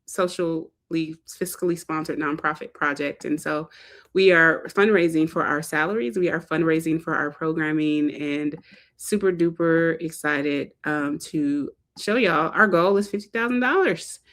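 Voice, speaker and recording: A woman's voice: low voice, measured pace, fairly bright tone. A woman hosting a live fundraising stream, talking casually and animatedly, with lots of fillers and playful put-on quotes. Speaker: livestream host, fundraiser organizer. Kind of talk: casual livestream talk.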